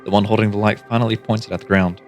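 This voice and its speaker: A man reading a book aloud to his stream, narrating calmly and steadily in the second person. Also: on the low side, very fast, soft background music.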